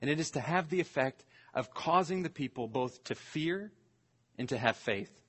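Pastor, male, somewhat high husky voice, earnest deliberate sermon delivery. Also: animated, fairly bright tone. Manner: earnest, deliberate, slows to stress scripture phrases. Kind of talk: expository sermon.

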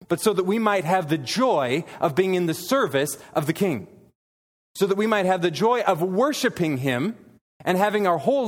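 A man delivers an earnest expository sermon in a church, reading scripture passages aloud between points. His voice sits somewhat high for a man. The sound carries a long hall reverb. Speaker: pastor.

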